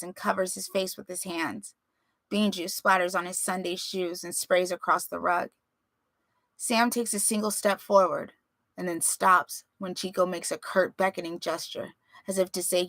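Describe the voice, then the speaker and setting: A woman reading a story aloud with expressive, dramatic narration. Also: lowish voice, no room sound. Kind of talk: audiobook-style story reading.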